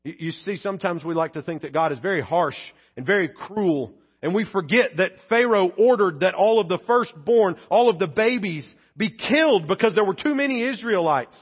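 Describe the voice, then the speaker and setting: A man delivers a conversational sermon in a high register. He drops to hushed tones and then rises to emphatic peaks, now and then acting out little asides. The recording sounds dull and lo-fi. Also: husky. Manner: conversational preaching with acted-out asides. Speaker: pastor.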